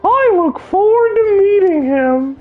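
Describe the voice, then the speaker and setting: A man voicing an eager young woman scholar in a bright, formal way, as he voices game cutscenes on a stream. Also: very high-pitched, expressive, slow, voice pushed up, exaggerated voice. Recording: slightly muffled with game music.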